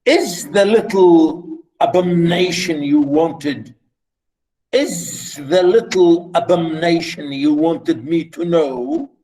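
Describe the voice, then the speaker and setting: A man's voice: a little high, slow pace, dark tone, low-quality recording. Man putting on a haughty, scornful old aunt. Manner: haughty, disdainful. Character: snobbish older aunt, scornful and shocked.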